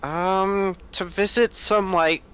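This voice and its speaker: A man's voice: high voice, fairly even intonation, slow pace, fairly bright tone, clean tone, low-quality recording. A man chatting casually with a friend during a game, hesitant and vague. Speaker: co-player. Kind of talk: casual chat.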